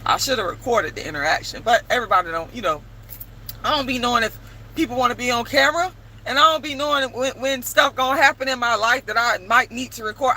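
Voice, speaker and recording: A woman telling a story to camera in a casual vlog, animated and emphatic, swearing freely. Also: a little high, quick pace, poor audio. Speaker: vlogger and playwright.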